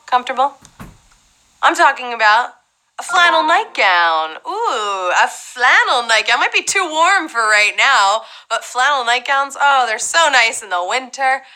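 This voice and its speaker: Bubbly high-voiced woman game show host. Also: pushed and bright, rough recording. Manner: bubbly, playful, chatty asides. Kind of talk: live trivia game hosting.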